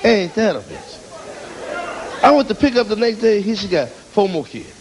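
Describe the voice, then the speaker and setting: A man doing a stand-up comedy routine, telling a crude, profane story loudly and with animation. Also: high-pitched, sing-song, moderate pace, crowd noise. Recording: noisy live show recording with audience. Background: audience laughter.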